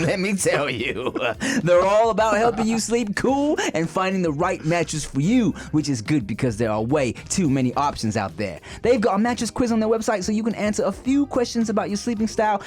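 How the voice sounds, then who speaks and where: A man in his thirties co-hosting a podcast, making jokes with quick short replies and also reading an ad. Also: sits high. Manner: jokey, quick short reactions. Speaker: podcast co-host. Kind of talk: casual chat and ad read.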